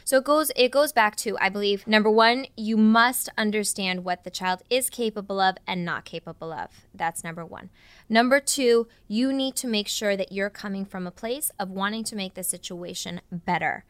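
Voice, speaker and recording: A woman co-hosting a casual parenting podcast, telling stories and laying out her points one by one in a lively way. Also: mid-range voice, normal speed, clean tone, no room sound. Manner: lively, storytelling, lists points. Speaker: podcast co-host.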